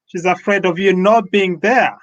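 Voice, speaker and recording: A man's voice: high-pitched, moderate pace, dull audio. A man from London hosting an interview over a video call, asking questions carefully and searching for words. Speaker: host.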